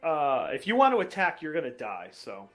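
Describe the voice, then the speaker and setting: A man narrating as game master in a tabletop game, unhurried and casually profane. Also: a little high, wildly swooping pitch, a bit bright, faint music behind.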